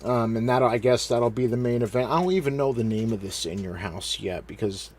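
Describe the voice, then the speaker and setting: A man's voice: medium pitch, fairly quick, darkish tone. A man hosting a podcast, recapping old wrestling broadcasts in a casual, rambling way. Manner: rambling, recaps and quotes with filler words. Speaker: podcast host.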